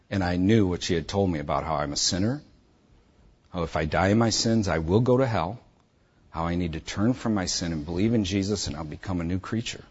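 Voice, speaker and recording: Husky low-voiced guy telling his story straight and intense, dull lo-fi sound. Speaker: speaker giving a personal testimony. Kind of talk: personal testimony storytelling.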